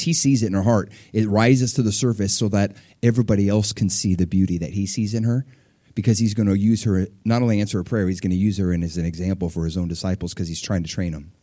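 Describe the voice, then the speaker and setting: A man preaching a sermon, retelling scripture in an animated way, swinging between hushed and loud and laughing often. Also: on the low side, dry recording, clean studio sound. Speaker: pastor.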